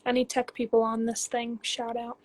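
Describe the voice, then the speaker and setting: Speaking at a moderate pace in a high-ish monotone, a Canadian woman in her twenties who plays pro soccer reads out questions from fans. She answers them in an easygoing, chatty livestream on her phone.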